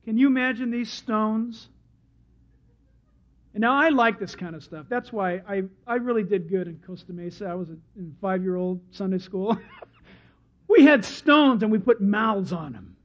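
A male pastor preaches with a high, lifted voice. He tells stories with animation and acts out the crowd. The recording is dull and lo-fi. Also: expressive, moderate pace. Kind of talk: sermon.

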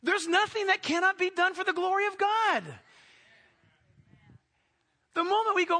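A man preaching from the pulpit in an unusually high, bright voice. He swings from excited peaks down to hushed, near-whispered asides. The sound carries a long church-hall echo. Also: normal speed, few pauses. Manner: animated preaching, sudden drops to near-quiet asides. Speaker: pastor. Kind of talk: sermon.

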